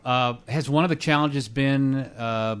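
A man's voice: medium pitch, unhurried, clear, resonant tone. Chatty male radio interviewer. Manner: chatty, jokey, many "uh" fillers. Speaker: radio show host. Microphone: studio microphone with headset.

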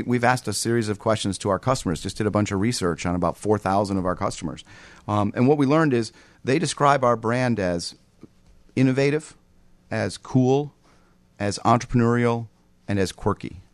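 A man speaking as a business guest in a radio interview, measured and businesslike, with frequent "um" fillers. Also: mid-range voice, no echo. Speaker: company executive, guest. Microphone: studio microphone with headset.

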